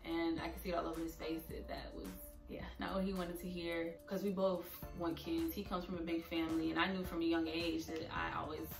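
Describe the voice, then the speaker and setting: A woman's voice: fairly low pitch, level tone, fairly quick, creaky, few pauses. A young woman speaking earnestly and openly emotional in a personal vlog. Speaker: vlogger. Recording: echoey room, a bit far from mic, soft music.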